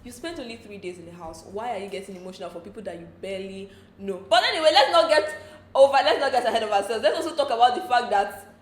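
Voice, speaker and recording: A woman's voice: on the high side, quick pace. Gossipy Nigerian woman, echoey room. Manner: chatty, laughs often, slips into pidgin asides. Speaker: entertainment show recap host. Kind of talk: casual gossipy recap.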